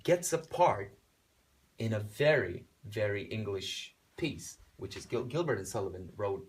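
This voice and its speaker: A man's voice: on the low side, lively intonation. A man from Lithuania with a Lithuanian accent, English not his first language, answering interview questions as a singer and searching for his words. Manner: slow, searching for words, many restarts. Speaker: singer, contest entrant. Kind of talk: casual interview.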